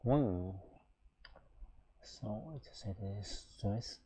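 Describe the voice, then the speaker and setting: A middle-aged man with a Chinese accent, a native Chinese speaker teaching a casual language lesson in halting English with many fillers and restarts. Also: on the low side, animated, mellow.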